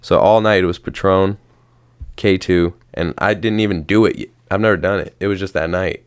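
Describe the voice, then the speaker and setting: A young man with a very low voice tells a long story in a casual podcast chat. He rambles and swears freely. His tone stays smooth and clear. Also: steady tone, normal speed. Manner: slangy, rambling, swears often. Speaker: podcast host.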